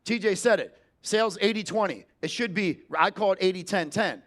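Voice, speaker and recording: A man's voice: high voice, a little fast, fairly bright tone. A man giving a motivational sales keynote on stage, brash and emphatic, swearing freely. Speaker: sales trainer and keynote speaker. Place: conference stage before an audience.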